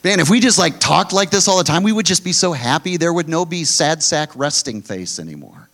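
A middle-aged man preaching a sermon as pastor, pushing phrases up loud and dropping others low and quiet. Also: expressive, fairly quick. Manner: emphatic preaching, swinging between loud high pushes and low quiet drops.

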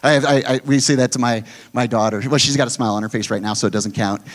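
Middle-aged man, pastor, sermon delivery, forceful emphasis with quiet low drops. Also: steady tone, fast talker. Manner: emphatic preaching, swinging between loud high pushes and low quiet drops.

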